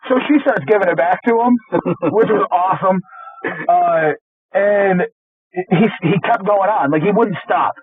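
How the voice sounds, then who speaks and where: A man's voice: high-pitched, a little slow, husky, dry recording. A man co-hosting a podcast, telling a heated, profane work story, stammering and restarting as he goes. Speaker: podcast co-host. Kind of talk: casual storytelling chat. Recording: tinny lo-fi phone-like sound.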